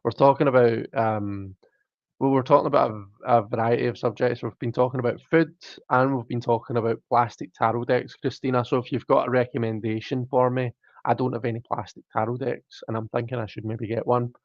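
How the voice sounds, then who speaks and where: A man's voice: medium pitch, steady tone, brisk, dry recording, lo-fi sound. A man with a British accent hosting a live stream, casually reading viewer comments aloud and chatting back in a self-mocking way. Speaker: livestream host.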